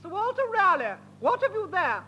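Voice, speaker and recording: A man's voice: very high voice, very animated, normal speed, background noise, voice pushed up. A man voicing an imperious old queen in a radio comedy sketch. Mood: haughty.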